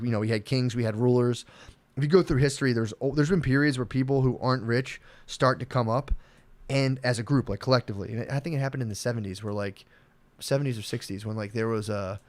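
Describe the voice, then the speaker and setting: A man co-hosting a podcast, rambling and swearing through animated casual chat. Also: medium pitch, no echo. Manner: rambling, profane, animated storytelling. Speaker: podcast co-host.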